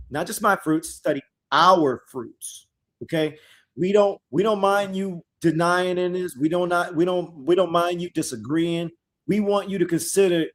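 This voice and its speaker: Man, high voice, casual live scripture teaching, repeats himself, talks straight to listeners, reads verses slow. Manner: repeats phrases, addresses listeners directly as y'all; reads verses slowly and deliberately. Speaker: host of a live scripture study discussion.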